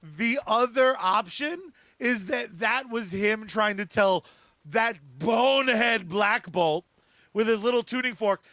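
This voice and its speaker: A man hosting a podcast in casual chat, riffing excitably with plenty of swearing. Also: high-pitched, takes it slowly, no echo. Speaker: podcast host.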